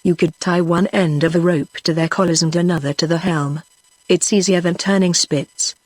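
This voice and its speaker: A woman's voice: fairly low pitch, normal speed, no echo, lightly acted. Parrot guide, male, fussy know-it-all; synthetic woman reader, plain storybook delivery. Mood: instructive. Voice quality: even synthetic voice.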